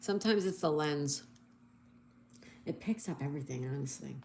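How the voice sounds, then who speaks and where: A woman with a slightly low voice chats her way through a live crossword stream. She reads viewers' comments aloud and greets each one cheerfully. The room rings with echo, and a faint noise sits underneath. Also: expressive, moderate pace, gravelly, a little mellow. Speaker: livestream host. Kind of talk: casual live chat reading comments.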